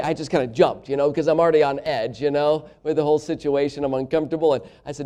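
A male pastor preaching and spinning a personal anecdote in a relaxed, folksy way, full of fillers and little chuckles. His voice sits fairly high, with a warm, mellow tone and a smooth, resonant clarity. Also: fast talker, hardly any pauses. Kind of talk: sermon with personal storytelling.

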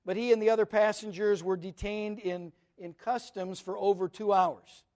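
A middle-aged man with a notably high-pitched voice delivers an earnest, conversational sermon. He speaks as a pastor, weaving personal stories into his teaching. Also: fairly even intonation, normal speed, a little mellow.

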